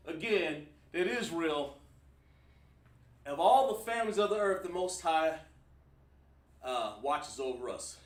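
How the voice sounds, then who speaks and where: A man teaching a livestreamed scripture class, emphatic and quizzing his online audience. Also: high voice. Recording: roomy sound from a distant mic.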